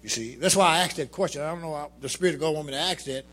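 A man preaching a sermon to his congregation, calling out to the crowd and building to shouts. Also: a little high, very fast. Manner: colloquial, drops into vernacular.

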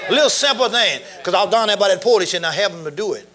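A middle-aged man preaching a sermon, animated, laughing and shouting as he goes. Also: sits high, very fast, a crowd in the background.

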